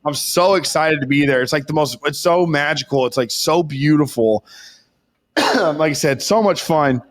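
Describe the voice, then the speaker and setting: A hoarse young man co-hosting a podcast, telling a long excited story in rambling, swear-heavy casual chat. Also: on the high side, normal speed. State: hoarse, voice worn from shouting. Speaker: podcast co-host.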